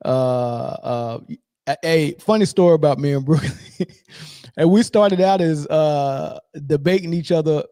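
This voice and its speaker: A man hosting a casual sports podcast, talking in an easygoing, rambling way. His voice is mellow and warm. The sound is dry and close. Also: a little high, measured pace, clean tone, dry recording. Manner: laid-back, rambling with fillers and shout-outs. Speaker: podcast host.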